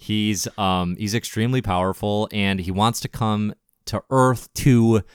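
A man's voice: lowish voice, steady tone, a little slow, clear, resonant tone, no room sound, clean studio sound. A man co-hosting a casual comic-book podcast, easygoing and joking. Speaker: podcast co-host. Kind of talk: casual chat.

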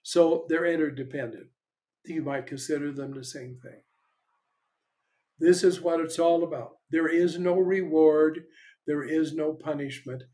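A man's voice: fairly high pitch, fairly even intonation, a little slow, mellow. An older man, a spiritual teacher, giving a frank, conversational talk that mixes plain teaching with storytelling.

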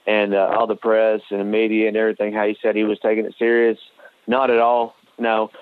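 A man's voice: fairly low pitch, no echo. A man co-hosting a fight podcast, talking casually in a rambling way with lots of restarts and blunt swearing. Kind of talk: casual sports talk. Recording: dry tinny phone-like sound.

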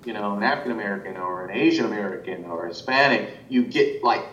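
A man's voice: quick pace, a bit bright, far from the mic. A man working as an animation director, talking casually in an interview, rambling with many restarts and fillers. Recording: roomy, muffled sound from off-mic with faint rumble.

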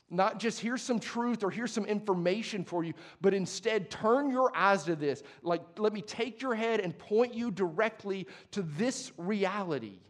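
This young pastor, a man with a high voice, gives a passionate sermon in a conversational style. He starts hushed and rises to emphatic moments.

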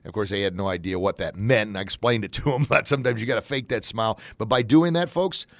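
A man hosting his own motivational talk show in a folksy, upbeat manner that jumps into excited shouts when he acts out examples. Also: fairly low pitch, quick pace, vocal fry, no echo.

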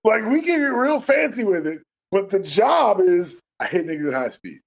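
A man's voice: sits high, sing-song, moderate pace, vocal fry, poor audio. A man co-hosting a casual podcast review of a TV episode, emphatic and profane, riffing on the characters with mock dialogue. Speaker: podcast co-host.

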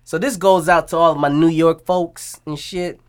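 A man's voice: on the high side, steady tone, normal speed, smooth. A man co-host goes off in a heated rant, full of profanity and street slang. He talks casually and with force. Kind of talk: casual commentary chat.

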